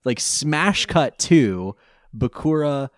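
A man co-hosts a podcast in loose, comedic chat, riffing quickly. His pitch swings widely as he talks. The sound is close and dry. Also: dry recording. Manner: animated riffing, quick to laugh. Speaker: podcast co-host. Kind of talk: casual comedic recap chat.

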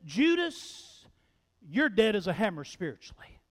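A man voicing Jesus as a stern grown man rebuking a greedy disciple with forceful, repeated commands. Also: sits high, very animated, a little slow, heavily acted. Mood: stern rebuke. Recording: long reverb of a large hall.

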